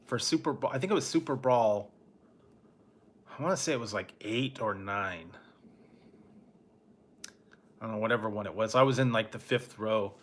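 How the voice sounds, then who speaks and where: A middle-aged man hosting a late-night live stream, telling a rambling, laid-back story with soft chuckles and answering chat. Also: lowish voice, moderate pace, pauses often. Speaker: food review channel host.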